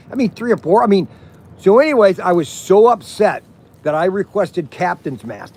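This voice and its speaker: A man's voice: sits high, a little hiss or hum. A man in his sixties telling rambling stories at an outdoor campfire, acting out what others said. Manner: rambling, acts out quoted voices. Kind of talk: casual storytelling.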